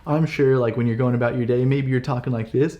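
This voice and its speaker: A man's voice: mid-range voice, fairly even intonation, quick pace, mellow, lo-fi sound. A man co-hosting a casual coaching chat, encouraging and conversational. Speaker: co-host, business coach.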